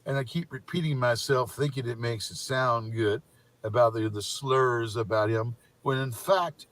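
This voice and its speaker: A man's voice: mid-range voice, unhurried, fairly bright tone, close to an everyday voice. A man putting on a mocking voice as a rambling, repetitive internet troll. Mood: droning mockery. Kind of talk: mocking parody monologue.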